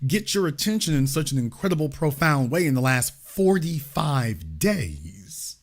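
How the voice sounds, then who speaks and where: Emphatic, lively host lecturing callers. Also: male voice, on the high side, a little slow. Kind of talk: political commentary and call-in.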